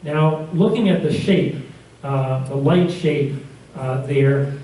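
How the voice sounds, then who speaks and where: Heard from far off in a roomy classroom, a man with a warm, mid-range voice speaks at a slow pace. He's teaching a community class and tells rambling, casual stories, chuckling and correcting himself partway through sentences.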